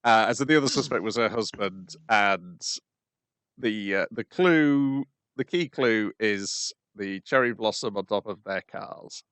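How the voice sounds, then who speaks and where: Guy with a smooth lowish voice going over a plot, kinda halting, dry close sound. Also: a bit bright, no room sound. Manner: halting, plot-summarizing with fillers. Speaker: podcast co-host. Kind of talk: casual chat.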